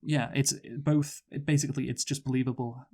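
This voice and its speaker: A man with an ordinary mid-pitched voice talks through a film in a casual review chat. He weighs his points carefully and hedges often with "you know.". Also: fairly even intonation, a little mellow. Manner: thoughtful, measured, hedging with "you know". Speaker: podcast co-host, film reviewer.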